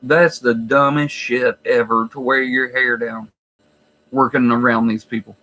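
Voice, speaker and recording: A man's voice: mid-range voice, flat delivery, a little slow, bright, forceful tone, low-quality recording. A man who works in a nursing home, telling stories in a blunt, profane, wry way. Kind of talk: casual storytelling vlog.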